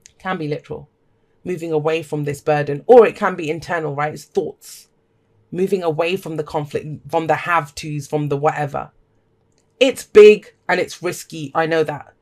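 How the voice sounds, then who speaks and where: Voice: mid-range voice, moderate pace. A tarot reader giving a casual, emphatic reading to camera, talking straight to viewers with blunt language and pep-talk encouragement. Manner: blunt and emphatic, swears freely.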